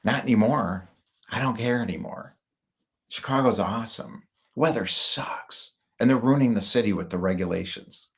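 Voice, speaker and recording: A man's voice: on the low side, moderate pace. A middle-aged man from the United States rambling through personal stories with wry asides, in casual monologue style. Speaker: speaker.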